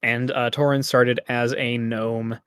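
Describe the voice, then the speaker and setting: A man's voice: medium pitch, level tone, slow, a bit bright, smooth, dry recording, studio quality. A man co-hosting a casual gaming podcast, rambling and laughing often. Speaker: podcast co-host.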